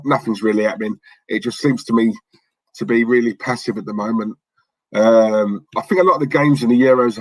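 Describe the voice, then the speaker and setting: A man's voice: mid-range voice, slightly rough, dry recording, rough recording. A young man with a London accent hosting a football watchalong stream, chatting casually and rambling while reading out chat messages. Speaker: watchalong host.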